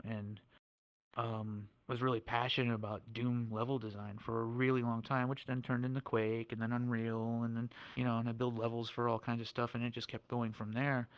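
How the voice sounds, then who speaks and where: A man's voice: mid-range voice, little pitch movement, normal speed, clean tone, no room sound. A man on a podcast, chatting casually as a guest about building game worlds, often repeating words and tagging "right?" on his sentences.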